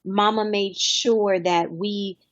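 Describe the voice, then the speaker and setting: A woman's voice: medium pitch, steady tone, slow, no room sound, highs cut off. Heartfelt woman in her thirties. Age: 30s. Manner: heartfelt, reminiscing. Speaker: guest. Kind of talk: interview conversation.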